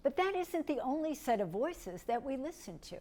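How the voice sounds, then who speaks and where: A middle-aged woman from the United States, teaching a lecture in a gentle, step-by-step way and asking her listeners questions. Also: high-pitched, very animated, moderate pace. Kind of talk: recorded lecture.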